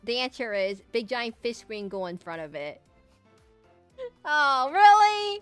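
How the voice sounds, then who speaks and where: A woman's voice: mid-range voice, animated, moderate pace, smooth, dry recording, faint music behind. Giggly rambling young woman streamer. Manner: rambling, giggly, jumps between tangents. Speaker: streamer drawing live. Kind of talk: casual chat while drawing.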